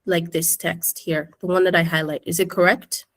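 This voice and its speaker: A woman's voice: lowish voice, little pitch movement, moderate pace, a bit bright. A woman teacher giving a casual screen-share tutorial in a classroom, chatting and checking in with her students. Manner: chatty, keeps addressing the class.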